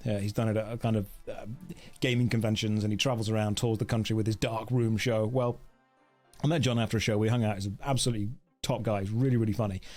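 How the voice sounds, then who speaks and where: A man livestreaming a game, rambling and joking as he reads chat aloud. His pitch swings up and down in a lively way, and faint background music plays under his voice.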